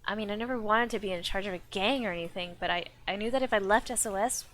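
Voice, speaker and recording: A woman's voice: medium pitch, fast, fairly bright tone, natural voice. A woman voicing a young man who founded a gang and now wants out, speaking hesitantly. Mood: wistful. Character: young male former gang founder, wistful.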